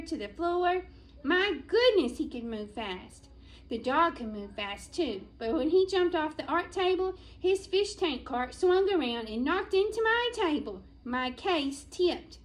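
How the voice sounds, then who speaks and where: A woman reading a children's chapter book aloud as a school librarian, in a gentle storytelling manner with playful drawn-out pauses, in an elementary school library. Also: high-pitched, poor audio.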